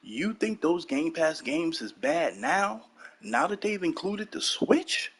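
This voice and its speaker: A man's voice: on the high side, big pitch swings, slow pace, background noise. A man hosting his own gaming channel, ranting heatedly and profanely, repeating lines for emphasis.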